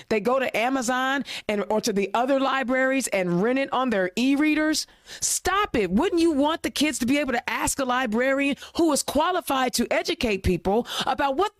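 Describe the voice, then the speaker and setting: A woman's voice: high voice, no room sound, clean studio sound. A woman hosting a political talk show, ranting with passion and firing rhetorical questions, then chatting informally. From Indiana. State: a little choked up. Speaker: host.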